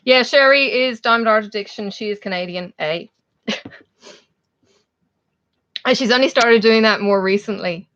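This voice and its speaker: Broadcasting from home in Australia, this Irish-accented streamer has a slightly high, somewhat bright voice and talks at a moderate pace with long pauses. She keeps the live chat casual, laughing a lot and calling viewers by name, over dull lo-fi stream audio.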